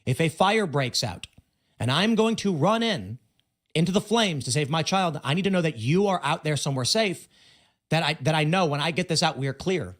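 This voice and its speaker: A man's voice: on the high side, lively intonation, moderate pace, a bit bright. A man hosting a livestream, giving unscripted commentary in an emphatic storytelling way, acting out what people said and repeating words for stress. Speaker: livestream host.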